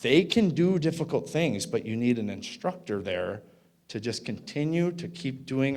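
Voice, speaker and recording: A man's voice: mid-range voice, big pitch swings, moderate pace, darkish tone. A man in his thirties speaks to a conference audience. He tells a story in a loose, chatty way, full of fillers. He keeps checking in with the room. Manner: casual, filler-heavy, asks the audience "right?". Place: conference hall.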